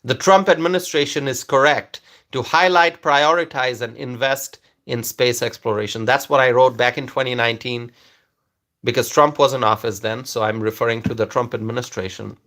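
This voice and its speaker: Bright-voiced man repeating his points. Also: medium pitch, fairly even intonation. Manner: halting, with many fillers and restarts; repeats key phrases for emphasis. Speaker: political commentator. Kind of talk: casual to-camera monologue.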